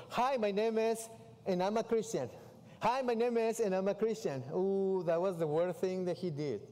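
A man, a missionary preaching a sermon with animated stories in English. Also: a little high, a little hiss or hum. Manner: animated storytelling with non-native English. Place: church sanctuary. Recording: far-off voice in a reverberant hall.

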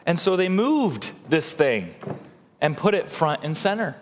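A man's voice: sits high, expressive, normal speed, in a large hall. A male pastor preaching a sermon in a conversational way, acting out quotes and building to emphatic points.

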